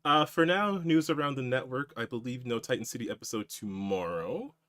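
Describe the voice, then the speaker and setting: A man's voice: medium pitch, a little fast, a bit bright, no echo, studio quality. A man serving as game master on a tabletop game stream, laughing often as he tries out a southern drawl.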